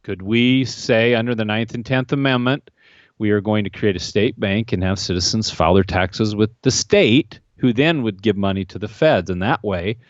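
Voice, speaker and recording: A man with a low voice hosts a political podcast discussion. He is opinionated and wry, and he presses his guest with pointed questions. The sound is dry and a little dull. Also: moderate pace, dry recording. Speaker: podcast host.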